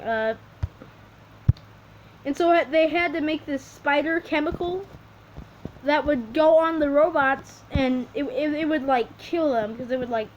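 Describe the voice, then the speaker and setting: A woman making up a story as she draws, rambling and halting, with many restarts. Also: high-pitched. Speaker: video creator. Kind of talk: improvised storytelling while drawing. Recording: dull lo-fi recording with faint hiss.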